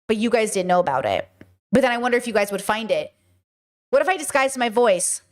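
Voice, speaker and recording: High-voiced sarcastic woman streamer. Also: brisk. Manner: animated and sarcastic, with laughs. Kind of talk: casual livestream chat.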